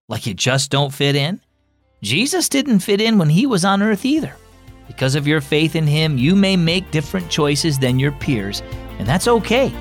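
A man hosting a children's devotional show, reading a story in a cheerful, upbeat scripted narration. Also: a little high. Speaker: host.

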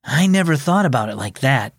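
A man voicing an eager, excitable young boy in a children's audio story, with a raised, wide-eyed delivery. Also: mid-range voice, fairly quick, breathy edge, no echo, clean studio sound. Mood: earnest. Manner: excited, wondering.

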